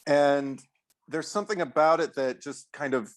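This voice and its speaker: A man's voice: fairly high pitch, moderate pace. A man co-hosting a film podcast in casual chat, rambling enthusiastically with many fillers. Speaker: podcast co-host.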